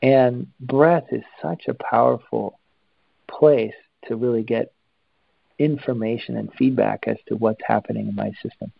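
A man guiding listeners through a breathing exercise, calm and instructive, with long pauses. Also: medium pitch, gravelly, breathy edge, dry recording, dull audio. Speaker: breathing teacher.

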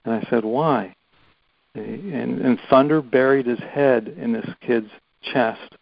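A man on a conference call, telling a story in an earnest, halting way and repeating words as he goes. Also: medium pitch, creaky, no room sound, muffled recording. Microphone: phone or conference call.

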